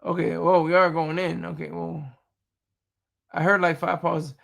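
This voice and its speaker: A man chatting loosely on a livestream, stumbling and repeating himself as he answers viewers. His voice is high for a man and bright. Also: level tone, a little slow, creaky. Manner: rambling, repeats words, reads chat comments. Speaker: YouTube streamer. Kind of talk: casual live-stream chat.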